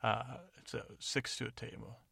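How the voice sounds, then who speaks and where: Man, podcast host, rambling bedtime story, gravelly, bright, dry close sound. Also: mid-range voice, level tone, normal speed, no echo. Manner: rambling, digressive, many fillers.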